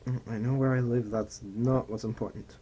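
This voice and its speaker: A man's voice: mid-range voice, steady tone, moderate pace, mellow, slight background noise. A man giving casual, rambling commentary while playing a flight simulator. He mutters and mocks himself, and now and then slips into mock pilot announcements.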